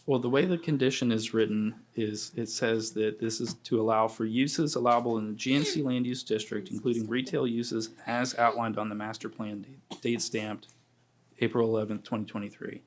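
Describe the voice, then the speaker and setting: A man on county staff, explaining permit conditions at a public meeting in a measured, precise way. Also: medium pitch, steady tone, slight background noise.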